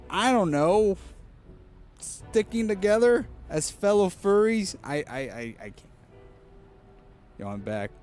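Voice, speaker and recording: A man giving casual, rambling gameplay commentary as a streamer, joking and swearing freely. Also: on the high side.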